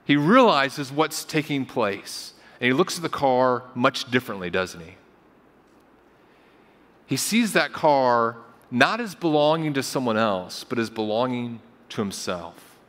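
A man's voice: medium pitch, expressive, measured pace, pauses often, fairly bright tone. Man preaching, conversational, in reverberant hall. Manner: conversational storytelling preaching, repeats phrases for emphasis. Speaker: pastor. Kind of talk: sermon.

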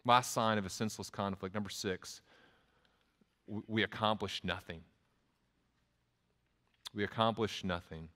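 A man with a Texas accent, preaching a sermon in a relaxed, conversational way, with frequent restarts and quoted asides. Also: lowish voice, unhurried, long pauses. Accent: Texan. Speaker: pastor. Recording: long hall reverb.

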